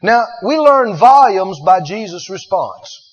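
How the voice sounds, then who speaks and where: A male preacher with a high, husky voice delivers a sermon dramatically. He fires questions at the congregation and repeats his points for emphasis. The recording is dull and lo-fi. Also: animated, measured pace.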